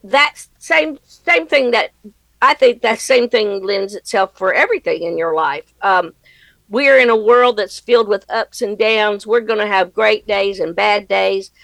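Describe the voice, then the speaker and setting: A woman's voice: medium pitch, measured pace, creaky, fairly bright tone, dry recording, poor audio. A middle-aged woman comedian giving a guest interview, talking earnestly and reflectively and laughing easily. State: widowed. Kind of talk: conversational interview answers.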